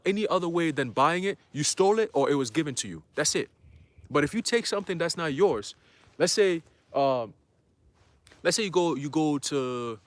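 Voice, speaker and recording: A man preaching a livestreamed church sermon, fiery and profane, driving each point home with "all right?" and "okay?". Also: on the high side.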